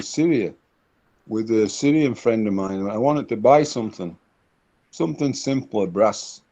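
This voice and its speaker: A middle-aged consultant with a mid-range, dark voice chats casually in an interview, sharing anecdotes and often repeating words while hunting for the right one. The recording is dull and lo-fi.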